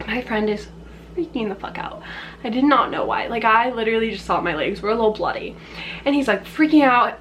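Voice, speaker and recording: A woman's voice: on the high side, fairly bright tone, a little hiss or hum. Chatty young woman telling a story. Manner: chatty, laughing often, swearing, acting out quotes. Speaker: vlogger. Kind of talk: casual storytime.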